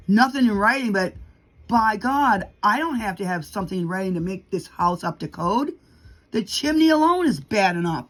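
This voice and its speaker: Soft music plays behind a middle-aged woman vlogging in an expressive, medium-pitched voice at a fairly quick pace. Her storytelling turns into a heated, casual rant as she acts out what others told her.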